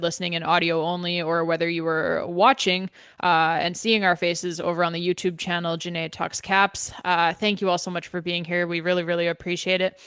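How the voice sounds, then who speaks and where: A woman's voice: fairly low pitch, a bit bright, smooth, no echo, studio quality. A woman hosting a casual sports podcast, chatty and full of fillers, swearing now and then. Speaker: podcast host.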